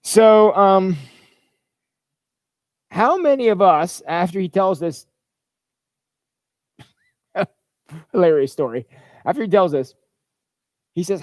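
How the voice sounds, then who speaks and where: A man's voice: high-pitched, expressive, slow, pauses often, no room sound, clean studio sound. A man pastor giving an informal livestreamed church talk in a chatty, rambling way, stumbling and restarting often.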